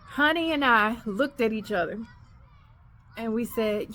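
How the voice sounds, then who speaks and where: A woman hosting a podcast, telling a personal faith story in an animated way, acting out the dialogue. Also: a little high, unhurried, a little hiss or hum. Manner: animated, acts out quoted dialogue. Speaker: podcast host.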